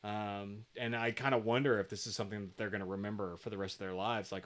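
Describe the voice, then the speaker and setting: A man's voice: on the low side, fairly even intonation, quick pace, hardly any pauses, fairly bright tone. A middle-aged man co-hosting a podcast, chatting casually in a rambling way and swearing freely into a podcast mic. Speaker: podcast co-host.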